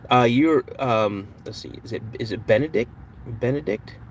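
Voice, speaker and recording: A man's voice: mid-range voice, moderate pace, slight background noise. A man hosting a live podcast stream, chatting casually with viewers, joking and greeting them. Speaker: podcast host.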